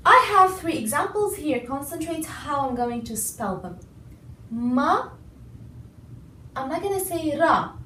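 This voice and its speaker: A woman language teacher explaining a lesson patiently, repeating words slowly and stressing each syllable. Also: high-pitched, pushed and bright, a little hiss or hum. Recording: echoey room, voice a bit far from mic.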